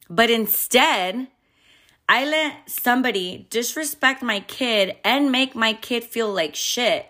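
A young woman and mother telling a personal story in a candid, expressive way, swearing freely. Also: mid-range voice. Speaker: vlogger and mother. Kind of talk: casual storytime.

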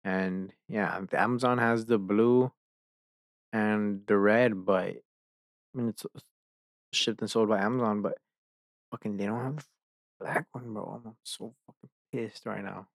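Young male podcast host, slow-talking, profane and exasperated, dry close sound. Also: on the low side, fairly even intonation, no echo. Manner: profane, ranting, easily exasperated. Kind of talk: casual chat.

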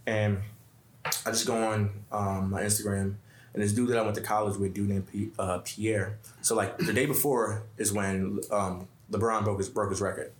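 A man with a fairly low voice tells a story in relaxed podcast chat. He keeps repeating words and quotes his friends in slang. The room gives his voice a clear echo. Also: normal speed. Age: adult with a young son. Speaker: podcast guest.

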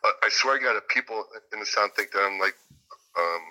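A male music producer and guitarist chats in an interview, telling long stories. His voice sits a bit low but carries a sharp, bright edge. He rambles, restarts sentences and leans on fillers. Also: brisk, rough recording. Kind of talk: casual interview chat.

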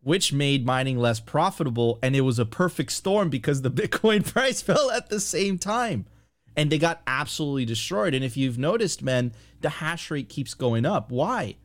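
Excitable man reading market news. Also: fairly high pitch, normal speed. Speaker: co-host. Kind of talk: casual finance chat.

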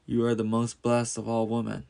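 A man's voice: medium pitch, completely flat delivery, moderate pace, gravelly, warm tone, close to an everyday voice. A man voicing Elizabeth, an older woman who greets her cousin with delight, in a storybook reading. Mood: overjoyed.

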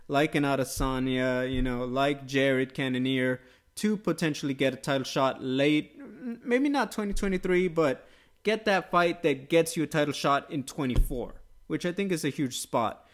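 A man hosting a casual MMA podcast, talking quickly and upbeat, tossing questions to his co-host. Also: a little high. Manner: quick, upbeat, conversational with quoted asides. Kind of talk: casual sports chat.

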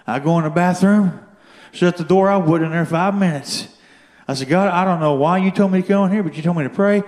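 A man telling a story from his own life as a testimony during a sermon, building to shouted fervor. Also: sits high, fairly quick, roomy sound. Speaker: guest speaker giving testimony. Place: church.

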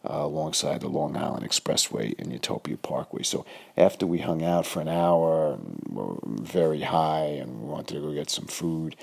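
A man's voice: very deep voice, lively intonation, moderate pace, gravelly, a little mellow, slightly rough. A man, telling a rambling podcast story full of fillers and restarts. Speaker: podcast host. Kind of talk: casual storytelling monologue.

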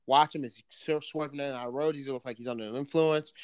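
A man in casual chat, telling a story in an animated way, swearing freely and often restarting his sentences. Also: medium pitch, fast, clean tone.

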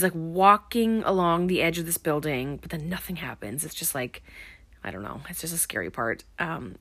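A woman's voice: fairly low pitch, a bit bright, no echo. A woman giving a casual, rambling film recap, full of "um" and "like".

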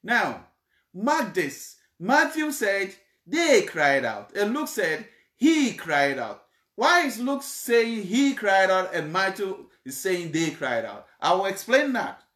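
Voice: medium pitch, big pitch swings, slow, fairly bright tone, reverberant. A preacher explaining a Bible passage in a sermon, repeating points and checking in with the congregation.

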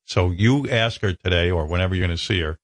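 Deep-voiced, blunt male radio host. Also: no echo. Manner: blunt, halting with restarts. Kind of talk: casual radio talk.

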